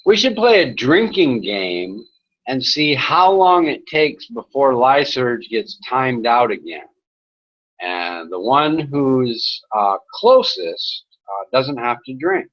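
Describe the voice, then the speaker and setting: A man's voice: mid-range voice, sing-song, slow, fairly bright tone. A man hosting an online chat, talking casually, laughing often and mocking a troublemaker in crude language. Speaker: chat room host. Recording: dull lo-fi sound.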